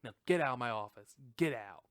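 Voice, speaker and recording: A man's voice: mid-range voice, expressive, a little fast, fairly bright tone, smooth, no echo, studio quality, pitched below the performer's own voice, lightly acted. A man voicing a fed-up male school principal who scolds and threatens students. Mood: scolding.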